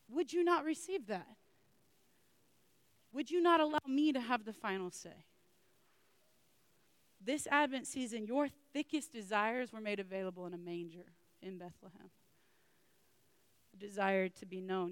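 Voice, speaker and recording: A woman's voice: mid-range voice, normal speed, no room sound. Earnest woman preaching a sermon. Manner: earnest, addresses listeners directly with repeated questions.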